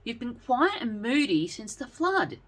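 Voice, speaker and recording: A woman's voice: fairly high pitch, very animated, measured pace, voice pushed up. A woman voicing a caring young girl knight with an earnest, consoling manner. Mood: urgent.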